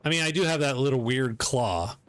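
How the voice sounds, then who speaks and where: A middle-aged man giving live commentary on his gameplay, excitable, swearing and laughing often. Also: medium pitch, fairly quick, no room sound. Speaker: game streamer.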